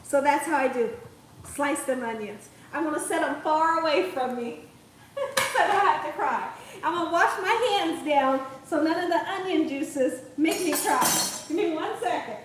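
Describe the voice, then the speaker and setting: A woman's voice: high voice, lively intonation, moderate pace, noisy background. A young woman hosting a live cooking stream from her home kitchen, chatting, laughing often and reading viewers' comments aloud. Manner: chatty, laughs often, says okay a lot. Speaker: cooking channel host. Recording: echoey kitchen, mic far off.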